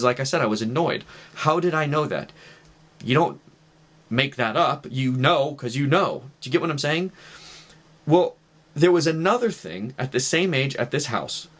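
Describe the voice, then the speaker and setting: Casting: man, middle-pitched voice, earnest storyteller addressing the viewer. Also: a bit bright. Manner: earnest, conversational, acts out quoted dialogue. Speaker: testimony vlogger. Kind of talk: personal storytelling to camera.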